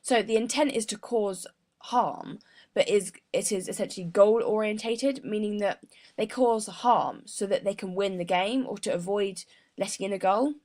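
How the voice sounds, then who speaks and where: A young woman appears as a sports psychologist guest in a mock interview, delivering an earnest, prepared explanation. Her medium-pitched voice is a little mellow and moderately paced, and she often restarts mid-word.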